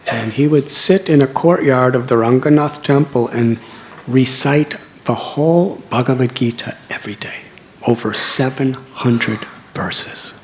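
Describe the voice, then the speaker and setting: A man's voice: medium pitch, a little slow, slight background noise. A man, telling a story in a sermon with dramatic swells. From United States. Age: 60s. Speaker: monk preacher.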